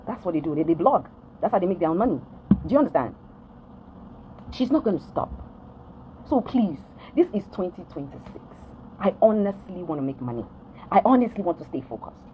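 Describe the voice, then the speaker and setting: Speaking in a lowish, mellow voice, a Nigerian vlogger delivers a direct-to-camera rant to her followers. She repeats herself emphatically and keeps checking whether they understand; the rough recording has slight background noise.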